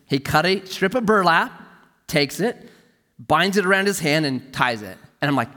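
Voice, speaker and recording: Pastor guy preaching, bright tone, jumps all over in pitch, echoey big hall. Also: moderate pace. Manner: animated storytelling, dropping to a hush for emphasis. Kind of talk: sermon.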